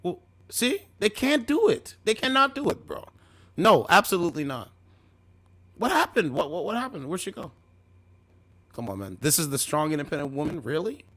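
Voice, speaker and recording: A man with a slightly high voice hosts a confrontational livestream. He talks in a mocking, needling way and keeps repeating his questions to the people he calls in. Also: sing-song, normal speed, long pauses, fairly bright tone. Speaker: livestream host.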